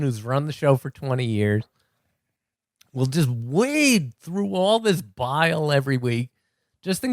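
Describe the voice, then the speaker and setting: A middle-aged man, a comedy writer, telling anecdotes in a casual podcast chat with dry, deadpan wit. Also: mid-range voice, dry recording.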